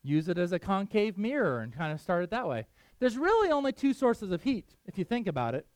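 Chatty high-voiced male preacher. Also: very animated, a little fast, no echo. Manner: chatty, asks the room questions, laughs often. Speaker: pastor. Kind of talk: casual sermon with audience questions.

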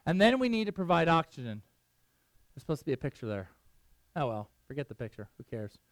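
Chatty high-voiced male preacher. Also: very animated, fairly quick, no room sound. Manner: chatty, asks the room questions, laughs often. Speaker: pastor. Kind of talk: casual sermon with audience questions.

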